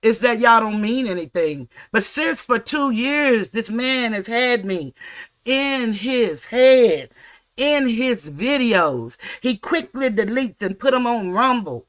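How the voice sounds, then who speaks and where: A woman hosting a livestream rants angrily and confrontationally with heavy profanity. Her voice is a little high, animated, and slow.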